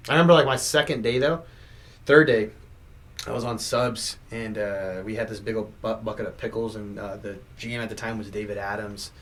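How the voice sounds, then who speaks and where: A man's voice: fairly low pitch, fairly even intonation, fairly quick. Laid-back man, guest on a chat. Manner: laid-back, laughs often. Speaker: podcast guest. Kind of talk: casual chat.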